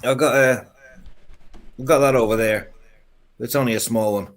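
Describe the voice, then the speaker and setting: A man's voice: mid-range voice, fairly even intonation, normal speed. A man hosting a live stream, chatting in a rambling, sweary way. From England. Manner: rambling, sweary, slips into mock voices. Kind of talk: casual late-night chat.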